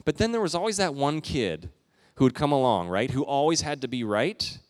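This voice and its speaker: A man's voice: medium pitch, sing-song, moderate pace. A middle-aged man giving a sermon as a pastor, earnest and conversational, lifting his voice for emphasis.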